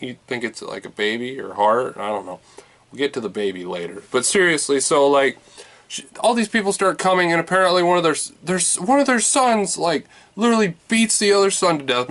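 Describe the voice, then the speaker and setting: A man's voice: a little high, fairly bright tone. A man giving a casual, exasperated movie review rant, full of swearing and filler words.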